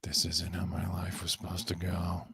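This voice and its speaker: A man's voice: sits low, monotone, normal speed, vocal fry, a bit bright, husky, no room sound, studio quality, voice pushed down, heavily acted. A man in whispered role-play as a mopey, down-on-her-luck former TV actress, sighing with self-pity. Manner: self-pitying, wistful whisper.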